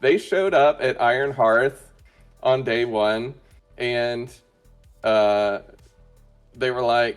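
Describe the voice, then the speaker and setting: A man of middle pitch chatting as an interview guest. He hesitates constantly, piling up ums, uhs and restarts as he goes. Faint music plays behind him. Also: slow, long pauses, clean tone. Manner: hesitant, many fillers and restarts. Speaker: interview guest, roleplay player. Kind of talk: casual chat.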